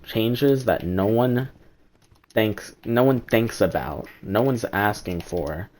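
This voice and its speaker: Low-voiced man rambling on a stream. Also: slow, darkish tone. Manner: rambling, opinionated, swears casually. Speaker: game streamer. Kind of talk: casual live-stream commentary.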